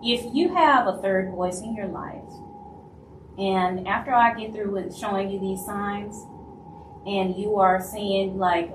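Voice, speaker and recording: Slow-talking Southern woman, echoey room. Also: medium pitch, background noise. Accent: Louisiana Southern. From Louisiana. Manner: acts out other people's lines in quick asides. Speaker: live stream host. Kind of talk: casual live stream talk. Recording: roomy echo, voice from a distance, faint ambience.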